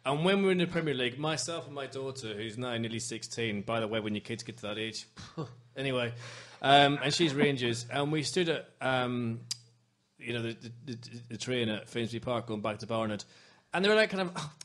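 A man in his forties hosting a podcast, animated and passionate, given to rants. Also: medium pitch, brisk. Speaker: podcast host. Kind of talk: casual chat.

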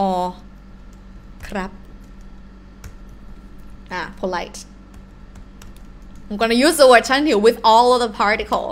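A young adult woman with a Thai accent, teaching a live language lesson in an animated, encouraging way and asking the class questions. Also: on the high side, a little slow, pauses often, a little hiss or hum.

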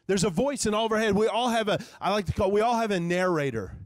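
A man's voice: sits high, lively intonation, fast. A male pastor preaching a live sermon in a church, talking conversationally and acting out prayers as quoted speech. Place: church sanctuary. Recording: live church hall reverb.

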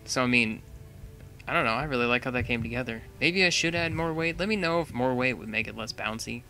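A man's voice: mid-range voice, fairly quick, pushed and bright, faint music behind. A young man giving casual, chatty commentary while playing a building game, thinking aloud and laughing often. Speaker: gaming channel host.

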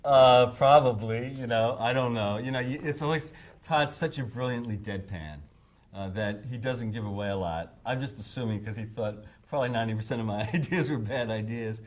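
A man in an interview telling studio anecdotes with animated storytelling, full of ums and restarts. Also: mid-range voice, normal speed. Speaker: interviewee, record producer.

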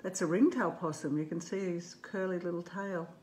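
A woman gently reading her picture book aloud to children, making playful animal noises now and then. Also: fairly low pitch, fairly even intonation, normal speed, a little hiss or hum.

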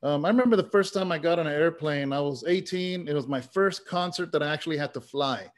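A man's voice: on the high side, fast talker. A man, a pastor and former rapper, telling his life story in an earnest, conversational way with a lot of "man" and "you know". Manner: earnest, story-driven, says "man" often.

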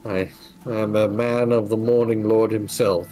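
A man's voice: fairly low pitch, level tone, unhurried, dark tone, soft background music, natural voice, poor audio. A man doing a grave, formal old-world priest. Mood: solemn. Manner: formal, archaic, solemn. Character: grieving priest, solemn and formal.

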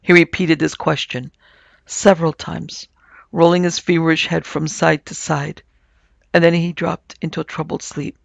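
A man narrating a supernatural tale in a measured, scripted storytelling manner. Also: fairly high pitch, level tone, creaky, dry recording. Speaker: narrator and producer.

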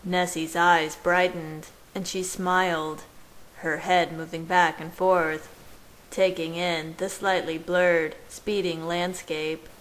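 Slow, low-voiced woman reading a story. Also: little pitch movement, rough recording. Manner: slow, gentle, measured reading. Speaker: fan fiction reader. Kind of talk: storybook narration read aloud.

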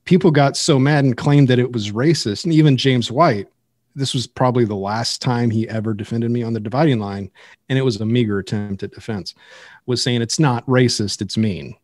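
Man, podcast host, blunt, sarcastic, combative, mid-pitched, dry sound. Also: fairly quick, darkish tone, no room sound. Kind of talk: casual podcast discussion.

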